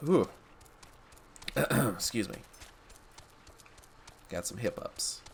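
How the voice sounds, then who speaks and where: A man's voice: mid-range voice, expressive, very slow, gravelly, a little hiss or hum. Chatty, joking male game streamer. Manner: chatty, joking, swears casually. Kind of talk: casual gameplay commentary.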